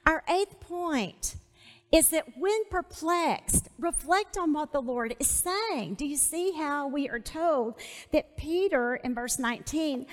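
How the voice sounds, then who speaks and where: A woman with a high voice leads a Bible study sermon, taking her time over each phrase. She speaks emphatically, repeating key words and inviting the audience to say them back to her. The recording carries the long reverb of a large hall. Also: animated, takes it slowly. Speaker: Bible teacher.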